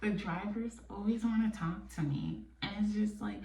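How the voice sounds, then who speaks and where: A woman from New York hosting her own podcast, talking candidly and bluntly, sometimes dropping to a soft near-whisper. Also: medium pitch, moderate pace, gravelly, a little hiss or hum. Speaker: podcast host. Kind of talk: casual personal monologue. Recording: echoey room, mic a bit distant.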